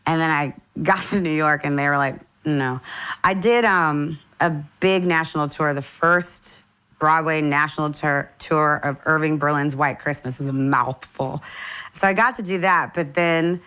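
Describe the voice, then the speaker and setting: A young adult woman from St. Louis, a singer being interviewed, telling her story with lively enthusiasm. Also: low-pitched, normal speed, clear, resonant tone. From St. Louis, USA. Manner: enthusiastic, animated storytelling with laughs. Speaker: singer, guest. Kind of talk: casual interview chat.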